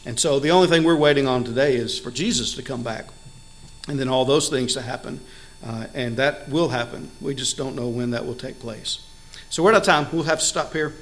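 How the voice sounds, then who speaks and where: A man's voice: medium pitch, a little fast, rough recording. A man preaching a sermon earnestly, stressing key words and building emphasis, with occasional fillers and restarts. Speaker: pastor.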